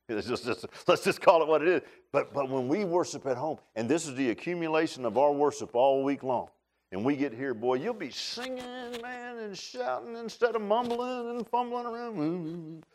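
Talking straight to his congregation, a male pastor delivers a folksy, animated church sermon at a slightly fast pace. He swings between quiet, low asides and loud, high shouts.

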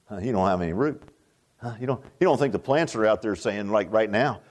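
A man's voice: fairly low pitch, animated, quick pace. A man preaching a sermon in a folksy, repetitive way, often tossing out rhetorical "huh?" asides to the congregation. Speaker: pastor.

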